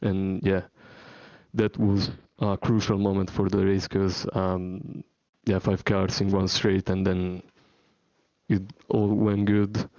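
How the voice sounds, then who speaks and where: A man's voice: deep voice, flat delivery, takes it slowly, a little mellow, dry recording, muffled recording. A man with an Italian accent, a sim racing driver, talking hesitantly with many fillers in a post-race interview. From Italy. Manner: hesitant, lots of fillers and restarts.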